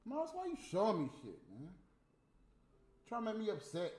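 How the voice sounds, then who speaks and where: A man ranting in profane, casual talk to his viewers, swinging from low muttering to loud outbursts. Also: huge pitch swings, normal speed. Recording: roomy echo, faint music behind.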